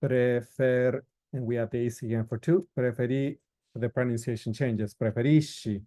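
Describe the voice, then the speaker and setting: A man teaching a recorded lesson, explaining verb forms slowly with frequent fillers and listing each form one by one. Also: medium pitch, steady tone, dark tone. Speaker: Italian instructor. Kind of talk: recorded lecture.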